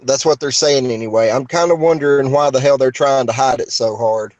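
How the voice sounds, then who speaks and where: A man's voice: mid-range voice, a little fast, darkish tone, dry recording, low-quality recording. A male co-host on a casual livestream, making laid-back, skeptical asides.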